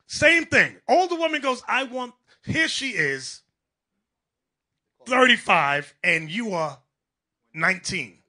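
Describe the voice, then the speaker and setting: High, lively, husky male preacher. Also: takes it slowly, pauses often. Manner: emphatic, mocking, acts out voices of people in his stories. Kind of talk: animated sermon to a congregation.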